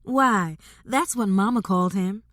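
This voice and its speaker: A woman's voice: medium pitch, unhurried, fairly bright tone, no echo, studio quality, pitched above the performer's own voice, natural voice. A woman voicing a teasing kid sister. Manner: teasing, mimicking. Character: playful younger sister, affectionate and teasing.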